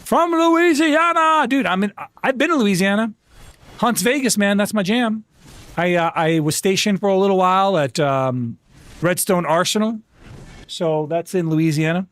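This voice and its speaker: A man's voice: high-pitched, normal speed, dry recording. A man chatting casually on a live gaming stream, upbeat and talkative, stumbling over and repeating words and calling people bro and dude. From United States.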